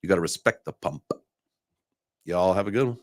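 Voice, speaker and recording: A man's voice: sits low, fairly quick, no echo. A man hosting a casual crypto livestream, talking loosely with restarts and the odd curse. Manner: loose, swearing, rambling with restarts. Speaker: livestream host.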